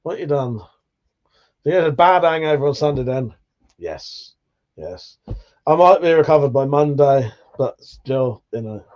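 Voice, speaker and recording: A man's voice: fairly high pitch, expressive, a little slow, darkish tone, muffled recording. A man hosting a casual livestream chat, rambling, swearing freely and laughing often. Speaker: livestream host.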